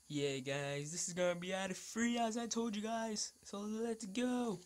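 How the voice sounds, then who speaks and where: A woman commentating her gameplay, excitable and trash-talking, swearing often and repeating words in taunting bursts. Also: mid-range voice, a little slow, slight background noise. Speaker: gaming channel host.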